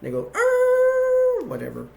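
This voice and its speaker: Man, amateur movie reviewer, gravelly, slightly higher voice, halting, rambling scene recap. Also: fairly even intonation. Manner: halting and rambling, many restarts, chuckles as he goes. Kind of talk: casual scene-by-scene retelling.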